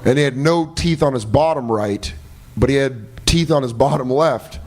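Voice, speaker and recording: A comedian guest on a podcast, telling profane, laughing anecdotes in casual chat. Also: male voice, mid-range voice, moderate pace, darkish tone, slight background noise.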